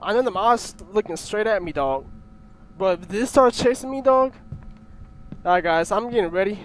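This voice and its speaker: A man's voice: high voice, animated, normal speed. A young man nervously commentating a horror game, jumpy, often swearing and yelping. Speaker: gaming YouTuber.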